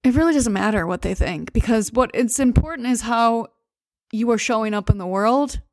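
A woman's voice: on the high side, a little mellow, dry recording. Emotional American woman, dry close sound. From United States. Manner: emotional, halting, many fillers and restarts. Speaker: podcast host. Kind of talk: personal monologue.

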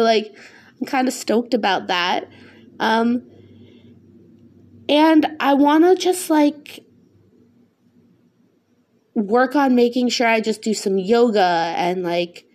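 Woman podcaster, somewhat high voice, rambly casual chat, warm toward her listeners. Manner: rambling, chatty, with frequent fillers; self-conscious and affectionate. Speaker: podcast host.

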